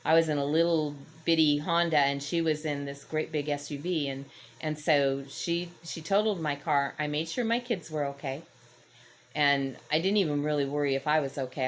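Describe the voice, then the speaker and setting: Woman, middle-aged, low voice, earnest, casual devotional talk, rambling with fillers. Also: slight background noise. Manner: earnest, rambling, many "you know" fillers. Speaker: Christian encouragement vlogger. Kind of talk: casual devotional chat to camera.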